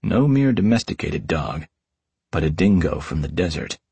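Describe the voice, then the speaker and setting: A man's voice: extremely low pitch, very animated, normal speed, creaky, dark tone, slightly rough, no room sound. A man reading an audiobook in the first person as a tomcat detective, with a wry, hardboiled delivery. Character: wisecracking tomcat detective narrating. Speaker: audiobook narrator.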